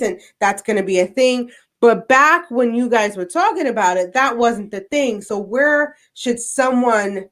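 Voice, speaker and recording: A woman podcast host asking casual, probing questions, with many fillers. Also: medium pitch.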